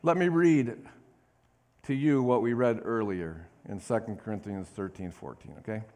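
A man's voice: lowish voice, moderate pace, mellow. A male pastor preaching a sermon, reading scripture with emphasis and drawing call-and-response amens from the congregation. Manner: reads scripture aloud with emphasis.

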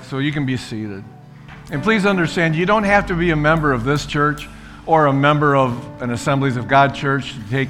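A man's voice: medium pitch, a bit bright. A man pastor preaching a sermon in a church, fervently urging the congregation to praise. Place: church sanctuary.

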